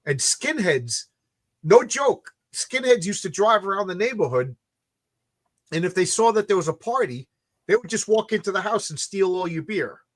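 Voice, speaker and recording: Man, fairly high voice, tired, rambling, restarts often, casual late-night chat. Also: animated, moderate pace. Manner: rambling storyteller, many restarts and repeated words. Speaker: comic book creator hosting a launch stream.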